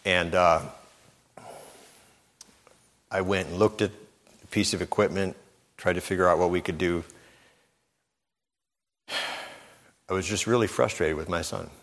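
A middle-aged man delivers a sermon in a relaxed, conversational way, often repeating words and acting out the voices of the people in his stories. His voice sits very low. It rings with the long reverb of a large hall. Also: moderate pace, pauses often. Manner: conversational, repeats words, acts out quoted speech. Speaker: preacher.

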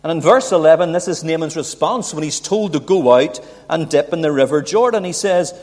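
A man's voice: a little high, brisk, few pauses, a little mellow. A man preaching a sermon, building emphasis and asking rhetorical questions. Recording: long hall reverb.

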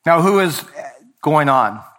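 A man preaching a sermon as pastor, earnest, dropping quiet and then rising to emphatic points. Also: fairly high pitch, expressive, takes it slowly.

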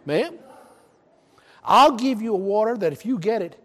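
A man voicing Jesus, speaking softly and calmly in a low, quiet tone. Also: moderate pace. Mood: gentle. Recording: long reverb of a large hall.

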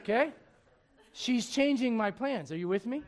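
A man in his forties, a pastor preaching a sermon in a church with joking, animated storytelling. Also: extremely high pitch, normal speed. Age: 40s.

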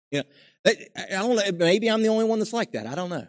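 Man, middle-aged, pastor, conversational sermon, rhetorical questions, slightly high pitch. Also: lively intonation, quick pace. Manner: conversational preaching, asks the congregation questions, acts out quoted speech.

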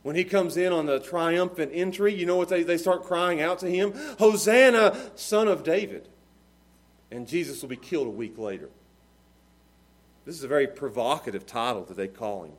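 A man preaching a sermon as pastor, moving between hushed, earnest passages and loud, fervent cries. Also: fairly high pitch, fairly quick. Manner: dynamic preaching, swinging from hushed to shouting.

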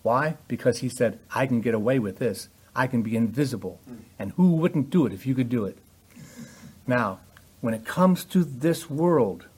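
A man preaching a sermon with emphatic delivery that rises in pitch and volume on key points. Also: dark tone, breathy edge.

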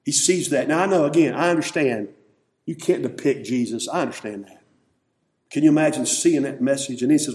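A man preaching an emotional sermon in a church, swinging from loud calls to hushed, tender lines. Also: medium pitch, a little fast. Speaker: pastor. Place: church sanctuary.

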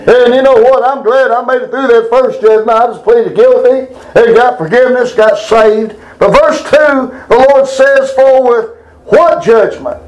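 A man's voice: extremely high pitch, moderate pace, few pauses, distant mic. A middle-aged man preaching a folksy sermon to a responsive congregation. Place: church sanctuary. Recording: echoey church room.

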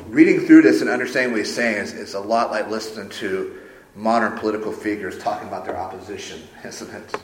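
A man's voice: fairly low pitch, fast. A man preaching a sermon as a pastor, emphatic and conversational. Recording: roomy echo.

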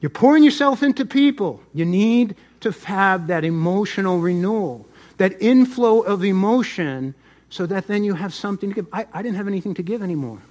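High voiced pastor guy preaching, middle-aged, goes loud then quiet. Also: expressive, normal speed. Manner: swings between loud emphasis and soft asides. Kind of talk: sermon.

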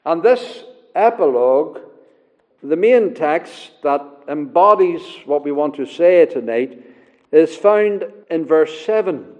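A man preaching a sermon, slow and emphatic, repeating key words for weight. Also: on the high side, lively intonation, a little mellow. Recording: dull lo-fi recording in a long-reverb hall.

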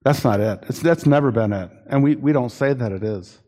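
Pastor guy preaching, earnest and warning, restarts a lot, mid pitch, long echo from a big church hall. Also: a little fast, warm tone. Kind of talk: sermon.

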